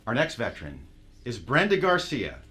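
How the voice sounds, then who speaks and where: A man's voice: medium pitch, wildly swooping pitch, normal speed, sharp tone. A man hosting a veterans' theater night, casual and teasing as he introduces performers. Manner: joking, teasing, emotional. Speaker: host. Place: theater stage with a live audience.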